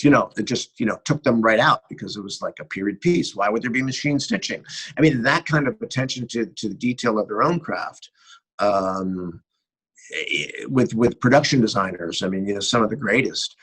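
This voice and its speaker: A middle-aged American man, a guest cinematographer, tells animated behind-the-scenes stories in a casual interview and acts out bits of dialogue. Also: lowish voice, moderate pace, slightly rough, poor audio. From United States. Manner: animated anecdotal storyteller who acts out dialogue.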